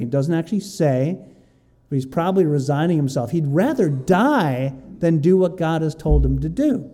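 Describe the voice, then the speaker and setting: A man reading Bible verses aloud and explaining them in a lively, conversational teaching style. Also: on the high side. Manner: reads scripture aloud, then explains it with lively asides.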